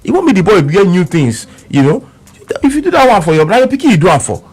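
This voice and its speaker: A man's voice: high voice, very animated, fast, darkish tone, slightly rough. A man speaking with a Nigerian Pidgin accent, telling a story on radio with emphatic repeats and quoted back-and-forth. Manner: emphatic, repeats words, quotes both sides of an argument.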